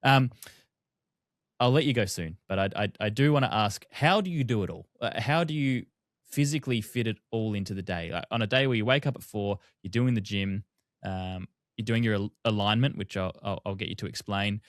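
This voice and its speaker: A man with a fairly low voice hosts a casual podcast, asking long, rambling questions in a relaxed, conversational way. His voice sounds close and dry, with almost no room sound. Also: a little fast, no room sound. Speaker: podcast host.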